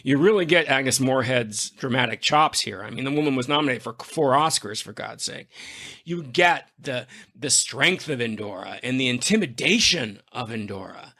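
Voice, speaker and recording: A man's voice: mid-range voice, animated, normal speed, sharp tone. A man hosting a podcast in casual chat, an effusive storyteller who gushes with enthusiasm. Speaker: podcast host.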